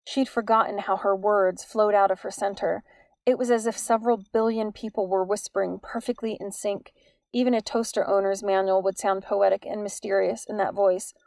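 A woman reading an audiobook in an even, measured storytelling manner. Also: medium pitch, vocal fry, no room sound. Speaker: audiobook narrator. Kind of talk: scripted narration.

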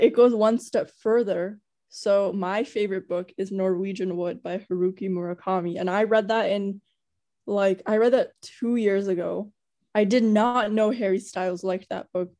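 Young woman, podcast co-host, mellow tone, rambling filler-heavy chat. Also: mid-range voice. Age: young adult. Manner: rambling and gushing, heavy use of "like". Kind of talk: casual chat.

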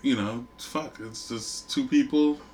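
Rambling podcast co-host, mid-range voice, filler-heavy casual delivery. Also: male voice, mid-range voice, takes it slowly, a little mellow. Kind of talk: casual chat.

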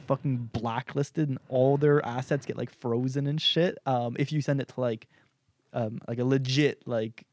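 A man on a casual podcast, chatting loosely with frequent swearing and quick reactions. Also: mid-range voice, a little mellow, no room sound, clean studio sound. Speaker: podcast co-host. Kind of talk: casual chat.

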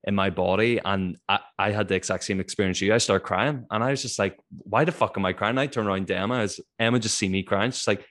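A man's voice: lowish voice, fairly even intonation, fast, hardly any pauses, fairly bright tone. A man in casual podcast chat, telling stories with animation and swearing freely.

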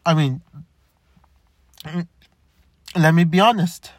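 A young man talking candidly in a halting way, with many stammered restarts. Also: a little high, no room sound. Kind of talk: personal reflective monologue.

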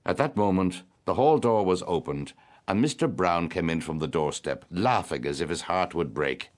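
A man narrating classic fiction as an audiobook, in an expressive, measured storytelling manner. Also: low-pitched.

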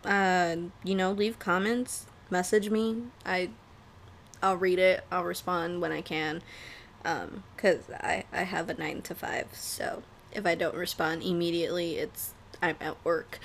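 A woman's voice: lowish voice, measured pace, vocal fry. A young woman hosting a casual solo podcast from home, rambling, laughing often and swearing freely. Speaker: podcast host. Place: home room with air conditioner.

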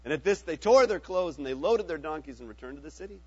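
A man with a high, light voice reads scripture in an earnest, steady manner. The recording is dry and close, with a dull, lo-fi sound. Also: fast, slightly rough, dry recording. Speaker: scripture reader. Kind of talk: Bible reading.

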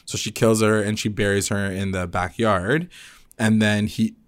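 A man's voice: fairly low pitch, fairly even intonation, normal speed, dry recording. A young man co-hosting a podcast, casually recapping a TV episode in slangy talk and acting out characters' lines. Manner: slangy, retells scenes with quoted voices. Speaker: podcast co-host.

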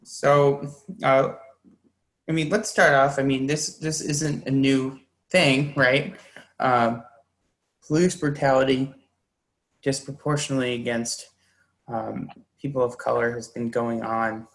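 A man's voice: medium pitch, little pitch movement, takes it slowly, a bit bright, low-quality recording. A man hosting a podcast, talking casually and hesitantly with many fillers. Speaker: podcast host.

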